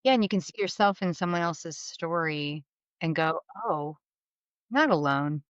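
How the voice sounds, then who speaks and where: Animated woman telling stories on a podcast. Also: lowish voice, normal speed, no room sound. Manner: animated, acts out quoted voices with laughs. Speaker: guest, mortgage business leader. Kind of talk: candid storytelling interview. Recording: slightly dull studio sound.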